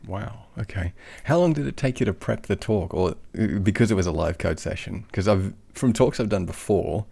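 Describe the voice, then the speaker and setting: A man's voice: on the low side, lively intonation, normal speed, creaky, warm tone, husky. A man with an Australian accent hosting a casual interview, talking hesitantly with many restarts. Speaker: podcast host.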